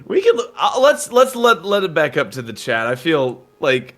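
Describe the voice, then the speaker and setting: A man on a livestream chat who gets excitable, stammers and giggles a lot. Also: on the high side, moderate pace. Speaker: guest.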